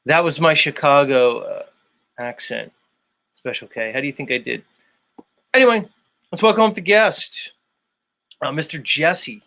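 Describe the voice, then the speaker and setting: A man's voice: fairly high pitch, lively intonation, a little slow, pauses often, bright, forceful tone. A man hosting his own online show, chatting loosely and rambling with lots of fillers. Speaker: show host. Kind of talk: casual livestream chat.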